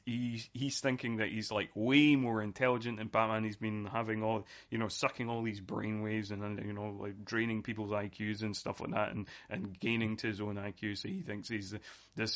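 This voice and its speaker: Man, around forty, podcast co-host, bright voice, rambling with fillers, dull lo-fi sound. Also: on the low side. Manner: rambling, many fillers and restarts, grows animated. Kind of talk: casual movie discussion.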